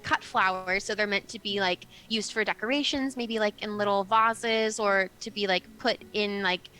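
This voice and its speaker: A woman's voice: mid-range voice, steady tone, normal speed, bright, forceful tone, soft background music, poor audio. A woman narrating as game master in a casual, chatty way.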